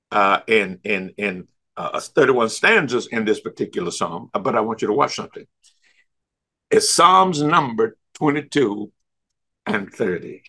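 A man teaching a church Bible study, emphatic and repetitive, slowing down to stretch key words and stumbling over restarts. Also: fairly low pitch, bright, forceful tone.

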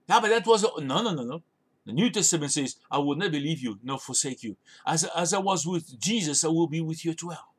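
A man's voice: on the high side, brisk, slightly rough. A man preaching a sermon as a pastor, urging listeners with emphatic, repeated commands. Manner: emphatic, repetitive exhortation.

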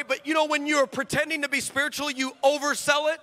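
A male preacher telling a comic story in a sermon, animated and joking, acting out both sides of conversations before a live congregation. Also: very high-pitched, fast talker, hardly any pauses. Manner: animated, joking, acts out dialogue. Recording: long hall reverb.

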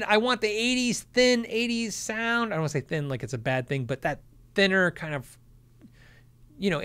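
Lively high-voiced man hosting a chat. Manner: animated, laughs often, acts out quoted people. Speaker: host answering viewer questions. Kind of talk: casual livestream Q&A.

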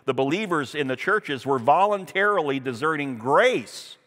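A man's voice: on the high side, animated, normal speed, a bit bright. Earnest male pastor preaching in a hall. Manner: earnest, emphatic preaching with scripture readings. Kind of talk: sermon.

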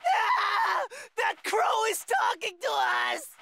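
A woman's voice: extremely high pitch, big pitch swings, slow pace, creaky, pushed and bright, shouting, heavily acted. A woman voicing a cowardly, whiny teenage boy swordsman who shrieks in melodramatic panic, in an anime fan dub. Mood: shocked.

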